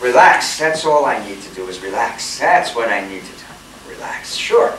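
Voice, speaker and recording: A male comedian rambles through a self-mocking story, stumbling over his words, his pitch rising and falling a lot. He is recorded from a distance in a roomy, echoing space, with faint background noise. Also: big pitch swings, moderate pace, a bit bright. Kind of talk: comedic monologue.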